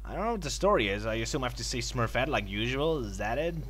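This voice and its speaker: A man giving a sarcastic comedic review of an old video game, mock-excited and yelping at it. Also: medium pitch, quick pace.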